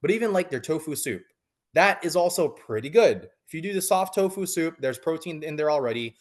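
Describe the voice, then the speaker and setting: A man's voice: on the high side, lively intonation, brisk. A man in his thirties, a coaching client, talking casually in an interview with many fillers and restarts.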